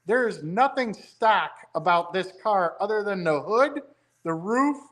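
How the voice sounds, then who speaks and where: A man's voice: high-pitched, expressive, a little slow, fairly bright tone. A man talking as a guest about building a car, telling rambling, enthusiastic stories. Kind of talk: casual chat.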